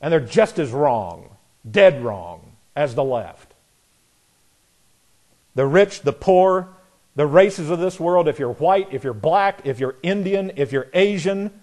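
A man preaching with a fairly high voice for a man. His delivery is folksy and sarcastic, and he slips into the voices of imagined people to make his point. His volume rises sharply when he drives a line home. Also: expressive, takes it slowly. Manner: folksy and sarcastic, rising loud on punchlines. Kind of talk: sermon.

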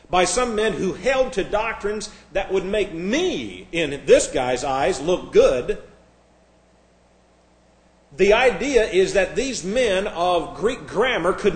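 Sarcastic preacher in an echoey room. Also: male voice, fairly high pitch. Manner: sarcastic, mocking. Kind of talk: sermon.

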